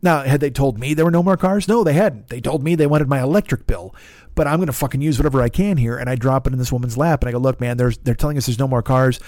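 A man's voice: mid-range voice, fast talker, darkish tone, no echo, studio quality. A man hosting a podcast, telling a frustrating story in a casual monologue, swearing often and acting out both sides of the conversation. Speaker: podcast host.

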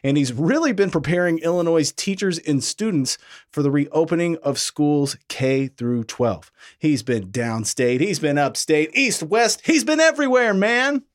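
A young man with a fairly high voice sets up the week's local politics with easy banter. His pitch moves a lot as he talks, bright and playful. He sounds upbeat and chatty, like a regular host of the show. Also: lively intonation, unhurried. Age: young adult. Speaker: podcast co-host. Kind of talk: casual talk about local politics.

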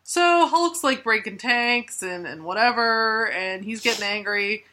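A woman chats loosely about an old comic, laughing often and swearing for comic effect. Her voice is bright and forward. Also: on the high side, unhurried. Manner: laughing, profane, jokey. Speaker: podcast co-host. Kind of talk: casual comic-book chat.

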